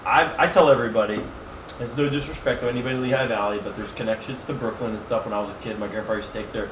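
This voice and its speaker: A man's voice: medium pitch, very fast. A middle-aged man, a podcast guest, telling profane comic stories in a casual chat and acting out the quotes. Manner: animated, profane, comic storyteller who acts out quotes. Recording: roomy, distant and noisy podcast mic.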